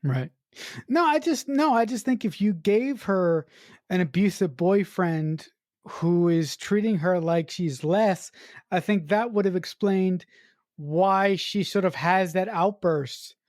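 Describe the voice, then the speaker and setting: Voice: mid-range voice, slow, darkish tone, no echo, clean studio sound. A podcast co-host discussing a film in casual chat, ranting heatedly with profane, acted-out retorts.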